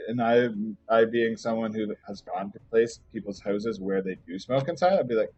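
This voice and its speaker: Gaming on stream, a young man drifts through a casual personal anecdote loaded with curses and filler words. His fairly low voice runs a little fast, a bit mellow with a breathy edge, and the dull lo-fi mic catches faint game music.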